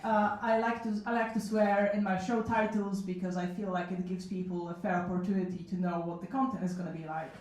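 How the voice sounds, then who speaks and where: A woman in her 30s performs a solo comic storytelling show in a small cafe event room, speaking briskly at a medium pitch with few pauses and fairly even intonation. Her slightly mellow voice is self-mocking, frank, and full of chatty asides. The distant mic picks up an echoey room and slight background noise.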